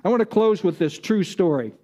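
A man's voice: high voice, expressive, fairly quick, dark tone, lo-fi sound. A man preaching a sermon, emphatic, repeating his key phrases.

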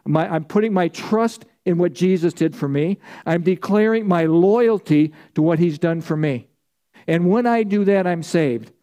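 A man's voice: high-pitched, a little slow, mellow. A man preaching a sermon as pastor, emphatic, stacking repeated phrases and prompting the congregation to answer.

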